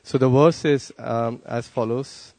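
A man giving a devotional class at a temple, talking quickly with restarts and soft asides, then taking questions. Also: medium pitch, fairly even intonation, dry recording. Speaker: class speaker at a temple gathering.

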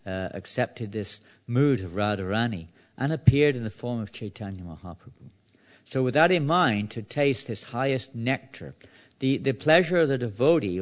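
A man giving a devotional sermon, reading verses and then explaining them in a loose, conversational way full of restarts. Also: mid-range voice. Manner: conversational, with frequent restarts and "you know". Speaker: preacher.

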